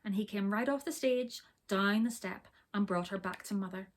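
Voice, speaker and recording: A woman reading a children's story aloud, expressive and sometimes dropping to a whisper for suspense. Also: mid-range voice, moderate pace.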